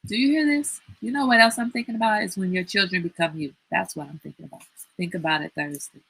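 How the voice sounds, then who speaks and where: Bright-voiced, animated woman storyteller. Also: on the low side, fast, gravelly, breathy edge, rough recording. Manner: animated storyteller, laughs often, teasing. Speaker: livestream host. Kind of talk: casual livestream chat.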